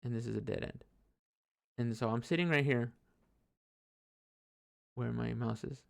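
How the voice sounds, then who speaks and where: A little slow and gravelly, this mid-range male voice tells a personal story while he plays a computer game. He rambles casually, swears frequently, and keeps restarting sentences and filling gaps.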